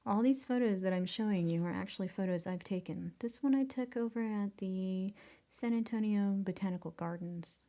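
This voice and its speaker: A woman with a mellow, slightly gravelly mid-range voice teaches photo editing at a moderate pace in a casual screen recording. As she concentrates she often sinks into a whispered mutter, and she pokes fun at herself, chuckling over her mistakes.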